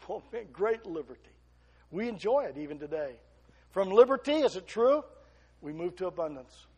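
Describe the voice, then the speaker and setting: Husky-voiced man preaching a sermon. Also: on the high side. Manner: preaching with rising emphatic peaks and quiet asides. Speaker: pastor.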